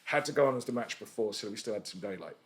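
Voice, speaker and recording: A man in his forties, a podcast guest telling stories in a casual, animated way, laughing and swearing freely. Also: on the low side, rapid-fire, over a noisy crowd. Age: 40s. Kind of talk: casual storytelling chat.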